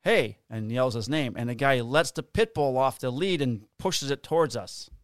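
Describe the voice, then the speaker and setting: A man's voice: medium pitch, normal speed, dry recording, clean studio sound. Joking man co-hosting a podcast. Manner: joking, rambling storyteller. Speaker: podcast co-host. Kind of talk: casual podcast chat and sponsor read. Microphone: studio podcast mic.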